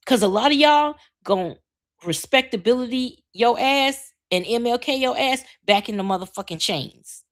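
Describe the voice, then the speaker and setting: A woman in her forties hosting a live podcast, ranting bluntly with lots of swearing while reacting to viewer comments. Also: a little high. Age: 40s. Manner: blunt, profane, animated rant. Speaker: podcast host. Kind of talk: casual live-stream talk, reading viewer comments.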